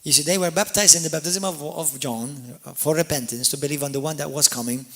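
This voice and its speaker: A man preaches a sermon in a somewhat high, bright and forceful voice. He moves between quiet, quick explanation and loud, drawn-out calls, scattering hallelujahs and amens throughout. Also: steady tone. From Malta. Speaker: pastor.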